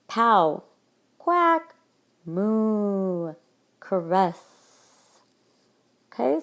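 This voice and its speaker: A woman teacher narrating a recorded lesson, explaining things clearly to her students. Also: medium pitch, darkish tone. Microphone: tablet microphone.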